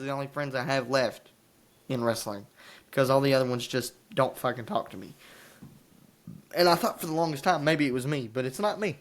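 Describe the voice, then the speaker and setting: A man's voice: a little high, a bit bright. A young man, a wrestling commentator, ranting to camera in a frustrated, boastful and profane way.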